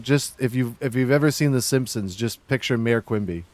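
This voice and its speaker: A streamer from Massachusetts chats casually with viewers and friends, often stopping and restarting mid-sentence. His voice sits at an ordinary man's pitch. The close desk mic gives a dry, dead sound with no room echo. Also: darkish tone. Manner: chatty, halting, full of restarts. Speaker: livestreamer.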